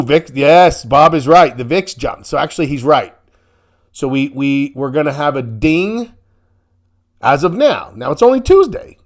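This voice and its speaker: A man hosting a live-stream market commentary, chatty and quick to laugh, often restarting and repeating words as he talks. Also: medium pitch. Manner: self-correcting, repeats words. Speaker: host.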